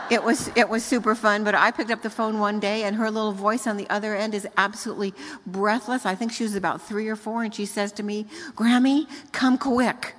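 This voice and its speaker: An older woman preaching to a gathering, telling warm family stories and climbing into bright, emphatic peaks. Her voice rings out with a long reverb from a large hall. Her pitch sits in a typical middle range. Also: a little hiss or hum. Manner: storytelling, rising to emphatic high notes. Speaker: speaker. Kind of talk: sermon.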